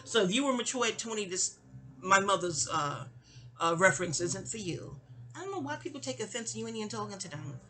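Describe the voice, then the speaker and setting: A woman's voice: mid-range voice, animated, fairly quick, pushed and bright, soft background music. A young woman casually telling a personal story, chatty and digressive, often trailing off into asides. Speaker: audio diarist.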